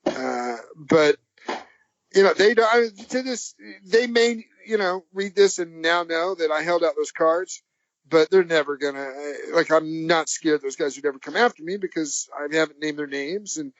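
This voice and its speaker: A man on a podcast as the guest, telling a long anecdote in a rambling, halting way, chuckling as he goes. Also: on the high side, dry recording. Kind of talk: anecdotal storytelling. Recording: dull, dry lo-fi audio.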